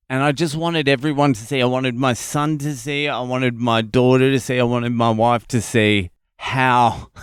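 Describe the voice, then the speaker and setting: An Australian man hosting a podcast, telling a story in a casual, animated and heavily profane comic monologue. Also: mid-range voice, clear, resonant tone, dry recording, clean studio sound. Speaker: podcast host, comedian.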